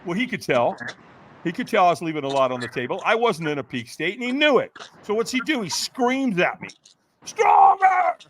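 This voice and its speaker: Animated man telling a dramatic story. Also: high-pitched, fairly quick, background noise. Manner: dramatic, acts out quotes, often asks "right?". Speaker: podcast guest.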